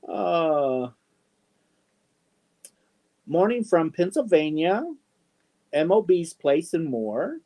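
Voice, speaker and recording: Slow, halting middle-aged male streamer. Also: on the high side, big pitch swings, warm tone. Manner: slow, halting, many ums, affectionate asides. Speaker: live-stream host. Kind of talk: casual live-stream chat reading viewer comments.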